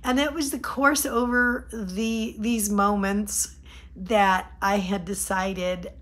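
Fifties woman vlogger, casual anecdote, laughs a lot, mid-pitched, acts out the dialogue. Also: takes it slowly. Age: 50s. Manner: animated, laughing often, acting out quotes. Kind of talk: casual storytelling.

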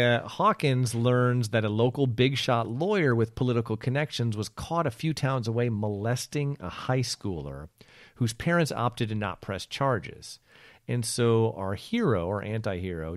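A man co-hosting a podcast, giving a relaxed, chatty book review and laughing easily. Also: mid-range voice, no echo, studio quality. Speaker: podcast co-host.

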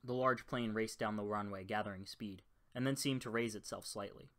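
A man reading a short-story audiobook in an even, low-key narration. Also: moderate pace. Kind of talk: scripted narration.

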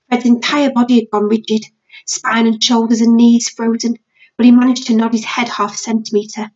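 A woman's voice: fairly high pitch, little pitch movement, moderate pace, darkish tone, dull audio. A British woman teacher reading a novel aloud to her class.

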